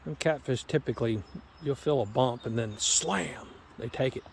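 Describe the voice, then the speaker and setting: A man narrates his riverside fishing outing into a handheld camera in a relaxed, folksy way, slipping in small jokes. His voice sits at an ordinary middle pitch. Soft outdoor ambience and birds hum faintly behind him. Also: normal speed, vocal fry. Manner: folksy, chatty, jokey. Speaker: fishing vlogger. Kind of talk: casual vlog narration.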